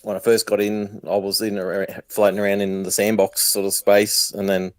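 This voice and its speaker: A man's voice: fairly low pitch, flat delivery, moderate pace, no room sound. A man with an Australian accent chatting casually as a caller, hesitant with many ums. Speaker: viewer calling in. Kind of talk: casual chat.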